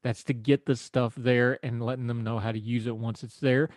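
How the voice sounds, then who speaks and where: A man's voice: mid-range voice, flat delivery, moderate pace, darkish tone, no echo. A man hosting a political talk radio show, folksy and conversational with wry asides. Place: radio studio.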